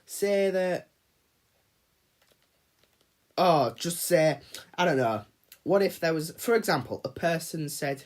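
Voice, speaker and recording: A man's voice: on the high side, animated, normal speed, long pauses. A man hosting a casual livestream, ranting and swearing freely while he chats with viewers. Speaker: livestream host.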